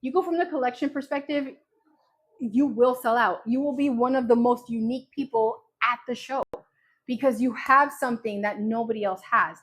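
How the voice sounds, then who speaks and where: A woman's voice: fairly high pitch, moderate pace, slightly rough. A woman from New Jersey hosting a casual craft livestream, telling rambling stories with lots of energy. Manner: animated, rambling storyteller. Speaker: craft business host.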